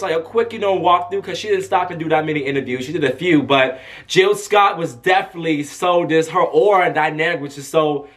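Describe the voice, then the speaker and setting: A young man telling a casual story to camera as a vlogger, animated and chatty, acting out what people said. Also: on the high side. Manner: animated, chatty, acts out quotes in a raised voice. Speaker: vlogger and press escort.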